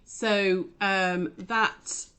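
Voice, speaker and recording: A woman with a mid-range, sharp-toned voice keeps a steady tone and draws out her words. As a quilting shop host, she leads a casual live demonstration, rambling and chatting right at her audience.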